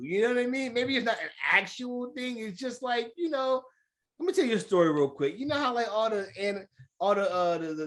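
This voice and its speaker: A man with a high voice that leaps all over the place, telling stories with animated energy and acting out each quote. He talks in casual podcast banter with phrasing, laughing along as he goes. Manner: animated, laughing storyteller who acts out quotes. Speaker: podcast co-host. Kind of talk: casual chat.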